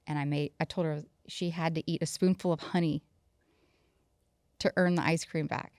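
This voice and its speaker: A woman's voice: deep voice, fairly even intonation, moderate pace, a little mellow, no echo, clean studio sound. A woman in her thirties co-hosting a podcast, telling a story about her kids in casual chat and acting out their lines. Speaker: podcast co-host.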